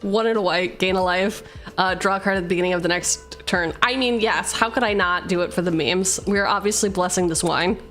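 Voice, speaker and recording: A woman's voice: fairly low pitch, brisk, a bit bright, soft background music. A young adult woman hosting a casual live stream about building a card-game deck, playful and teasing, mixing card text with banter. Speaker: streamer host.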